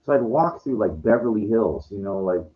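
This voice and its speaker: Here a vlogger with a somewhat low voice and lively intonation rambles at a normal speed. His monologue wanders, turns profane, and is packed with "you know" and "like." The sound quality is dull and lo-fi.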